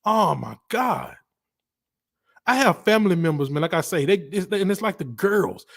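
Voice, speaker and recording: Animated Southern man ranting casually. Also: high-pitched, moderate pace, vocal fry. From Alabama. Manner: animated, rambling, heavy slang. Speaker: livestream host. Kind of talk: casual livestream chat about college football.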